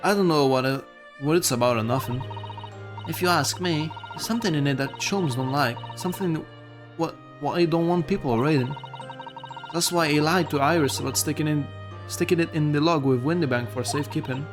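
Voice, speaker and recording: A man voicing a blunt, defiant young street girl from London, with a put-on working-class English accent and rough, slangy speech. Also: fairly high pitch, fairly quick, over music, close to an everyday voice. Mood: recounting.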